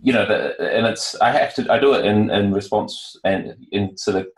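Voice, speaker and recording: A man with a New Zealand accent answers questions in a casual podcast interview. His voice sits very low, and he talks in a relaxed, halting way with frequent fillers. The recording has a noticeable room echo. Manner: relaxed, hesitant with many fillers. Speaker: guest, founder.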